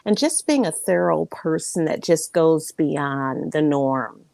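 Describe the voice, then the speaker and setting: Lower-voiced woman caller, earnest. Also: lively intonation, slow, vocal fry, a little mellow, dry recording. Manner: effusive praise, then earnest opinion. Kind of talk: casual call-in chat.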